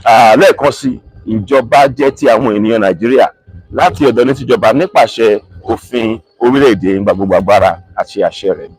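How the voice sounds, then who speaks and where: A man hosting a live broadcast, earnest and repeating key points slowly for emphasis. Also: medium pitch, darkish tone, slightly rough, rough recording. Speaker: livestream host.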